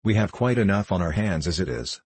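A male narrator voicing a gruff, grim ship's surgeon in an audiobook. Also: low-pitched, big pitch swings, brisk, darkish tone, full character voice. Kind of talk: audiobook character voice.

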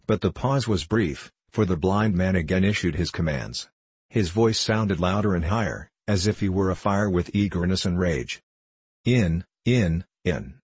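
A man narrating a storybook in a measured, steady reading. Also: low-pitched, slightly rough, dry recording. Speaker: audiobook narrator.

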